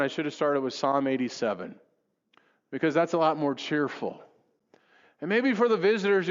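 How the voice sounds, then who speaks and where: A preacher addresses his congregation in a church sanctuary, growing impassioned and rising high as he reads scripture aloud, then sinking low to reflect on it. The audio is dull lo-fi, captured in a reverberant hall with a long church reverb behind him.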